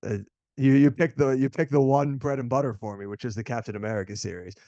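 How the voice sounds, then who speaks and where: A young man hosting a casual movie podcast, excitable and profane, calling everyone "dude.". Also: mid-range voice, quick pace, no echo, muffled recording. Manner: excitable, swears a lot, says "dude" often. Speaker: podcast host.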